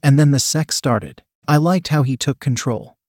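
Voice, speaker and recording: A man voicing a shy young woman who speaks quietly and meekly. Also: medium pitch, expressive, moderate pace, breathy edge, no room sound, studio quality. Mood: dreamy. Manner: quiet, meek.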